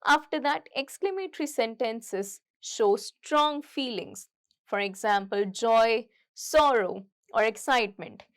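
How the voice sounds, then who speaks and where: A woman's voice: a little high, expressive, slow, a bit bright. A young woman teaching a grammar lesson, explaining each point step by step and repeating it. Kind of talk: recorded English grammar lesson.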